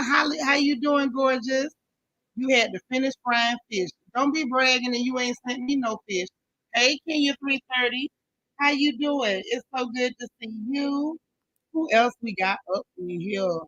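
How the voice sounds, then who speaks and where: A woman's voice: on the high side, sharp tone, poor audio. A woman hosting a casual live stream, chatting with viewers and greeting each one by name in folksy slang.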